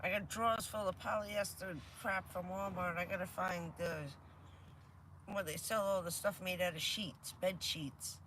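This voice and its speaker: A woman with a hoarse, stuffy voice from a cold, chatting casually on a vanlife livestream from her van, laughing often and answering her viewers. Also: lowish voice, fairly even intonation, normal speed, fairly bright tone, slight background noise. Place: inside a camper van.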